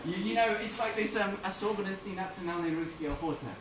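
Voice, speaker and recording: A man doing stand-up, telling a long joke and switching into quick voices for the characters in it. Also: high-pitched. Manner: storytelling with put-on voices for characters. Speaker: stand-up comedian. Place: comedy club with audience. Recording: roomy, distant, noisy club recording.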